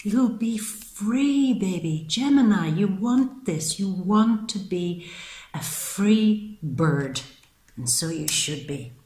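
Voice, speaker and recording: A woman with a fairly low voice delivers a monthly tarot reading in a chatty, affectionate way, often calling her listeners "baby." She sometimes acts out the voices of the people she talks about. The sound bounces around an echoey room. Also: expressive, slow pace, a little mellow. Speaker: tarot reader.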